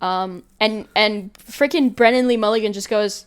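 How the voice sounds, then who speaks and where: A woman's voice: medium pitch, lively intonation, a little slow, clear, resonant tone. A woman co-hosting a podcast in casual chat, rambling and laughing often. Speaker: podcast co-host.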